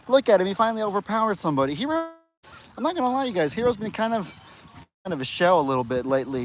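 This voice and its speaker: A young man chatting casually on a live stream, cooing at animals in a high voice and calling out to them loudly. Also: slight background noise. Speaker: farm livestream host. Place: outdoors on a farm among animals.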